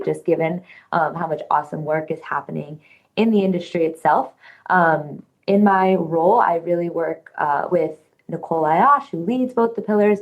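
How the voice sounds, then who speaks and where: A woman in her twenties introducing herself on a panel in a casual way, with many ums. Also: low-pitched.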